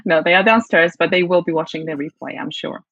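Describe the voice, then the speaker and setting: A woman's voice: fairly low pitch, fairly quick, no echo. Polish-born woman with British accent. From Poland. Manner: warm, reflective, restarts phrases often. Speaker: guest, CEO and leadership coach. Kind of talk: casual interview chat. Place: at home. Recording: dull, dry video call audio.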